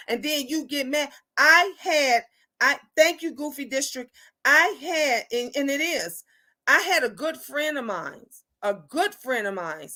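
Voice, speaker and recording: A woman's voice: sits high, expressive, unhurried, pushed and bright. A middle-aged woman hosting a casual livestream chat with viewers, talking bluntly and animatedly, often tagging "okay?" onto her points. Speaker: livestream host.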